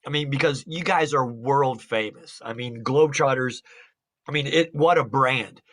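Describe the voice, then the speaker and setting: A man's voice: mid-range voice, moderate pace, a bit bright. A man hosting a casual interview, enthusiastic and encouraging, with many fillers. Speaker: interview host.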